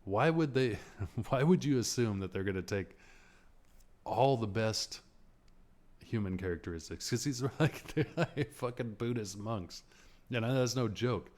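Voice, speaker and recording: A man's voice: medium pitch, lively intonation, measured pace, a little mellow. A man talking casually as a podcast host, rambling and sarcastic, swearing freely and laughing often as he vents. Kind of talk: casual movie rant.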